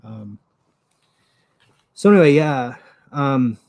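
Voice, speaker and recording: A man's voice: medium pitch, lively intonation, slow pace, creaky, darkish tone. A man hosting his own show on a livestream, talking casually in a rambling, profane way with lots of fillers, into a desktop microphone with a pop filter. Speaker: show host. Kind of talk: casual solo commentary.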